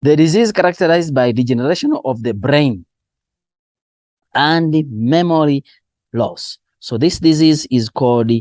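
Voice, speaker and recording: A man going through exam answers as a teacher, spelling out key terms slowly and asking and answering his own questions. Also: on the high side, animated, darkish tone, no echo, clean studio sound. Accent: Southern African English. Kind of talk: exam revision lesson.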